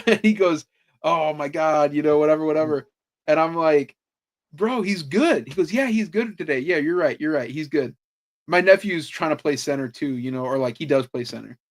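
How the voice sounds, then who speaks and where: A man on a podcast telling sports stories in a casual, animated way, swearing freely and saying "like" a lot. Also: on the high side, moderate pace. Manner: animated storytelling, swears freely, lots of "like" fillers. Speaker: podcast host. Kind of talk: casual chat.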